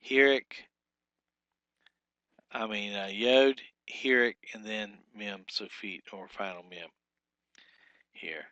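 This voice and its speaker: A man teaching a recorded lecture, explaining patiently, repeating terms slowly, with frequent fillers. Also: on the low side, pushed and bright, no echo, lo-fi sound. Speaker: Hebrew teacher.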